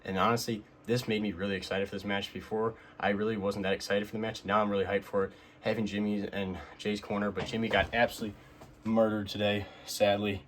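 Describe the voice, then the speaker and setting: Young man rambling excitedly, low voice. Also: fast talker, a little hiss or hum. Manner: excited, rambling with many fillers and restarts. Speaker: wrestling figure collector recapping the week. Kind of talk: casual recap vlog.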